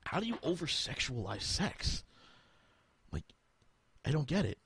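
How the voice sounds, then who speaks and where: Exasperated ranting man with a husky voice. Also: a little high, big pitch swings, a little slow, a bit bright, no room sound. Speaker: podcast host. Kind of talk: casual podcast chat.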